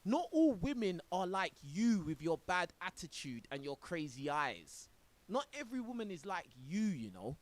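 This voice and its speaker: A man with a high, lively voice reacts to a clip on stream. He mocks and scolds, throwing in "bro" again and again, and often laughs between lines. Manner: mocking, exasperated, says "bro" a lot, laughs often. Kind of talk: reaction commentary.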